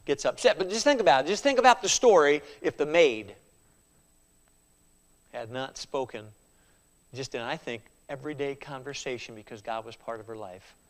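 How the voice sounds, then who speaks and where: A man's voice: on the high side, lively intonation, normal speed, long reverb tail. A man preaching a sermon in a conversational way, chuckling often and tossing in rhetorical asides.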